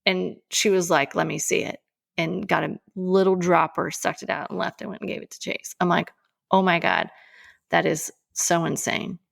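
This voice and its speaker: A woman in her forties tells a personal story on her podcast, with lively emphasis and frank asides. Her voice sits low and carries a rough, gravelly edge. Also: moderate pace. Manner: emphatic, animated retelling. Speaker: podcast co-host.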